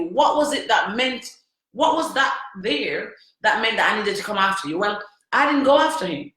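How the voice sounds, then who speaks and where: Woman vlogger, bright, forceful delivery, recorded in a very echoey room; candid, emphatic storytelling. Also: medium pitch, animated, normal speed. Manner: emphatic, repeats phrases, asks the listener questions.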